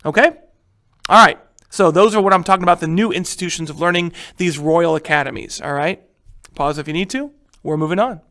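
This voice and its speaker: A man's voice: fairly high pitch, brisk, bright, forceful tone. A man teaching a recorded history lecture in a casual way, with many fillers and frequent check-ins with students.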